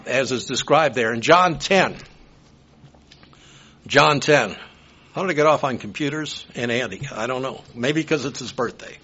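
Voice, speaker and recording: A man's voice: medium pitch, sharp tone. A man, preaching a sermon in a folksy, rambling way with personal asides. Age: 70s. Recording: dull lo-fi sound.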